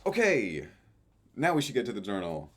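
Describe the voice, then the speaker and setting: Low-voiced young man reading his journal. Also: huge pitch swings, moderate pace, fairly bright tone. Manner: offhand, dry asides, frequent "uh" fillers. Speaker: vlogger. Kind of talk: casual reading of journal entries.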